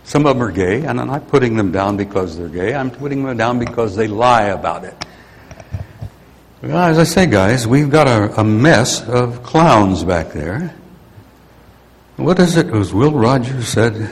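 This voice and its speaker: A man's voice: fairly low pitch, lively intonation, unhurried. An older man giving a rambling, grumpy, folksy talk to an audience. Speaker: speaker addressing an audience. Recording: long hall reverb.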